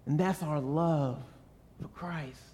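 A man with a fairly high voice preaches at an unhurried pace. He tells his stories earnestly and keeps asking rhetorical questions. His voice echoes with a long reverb, as in a large hall. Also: dark tone, slight background noise. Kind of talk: sermon.

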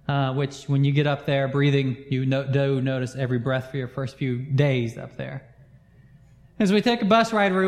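High-voiced pastor in a reverberant hall. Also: male voice. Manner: animated storyteller, laughs through his own anecdotes. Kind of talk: storytelling sermon.

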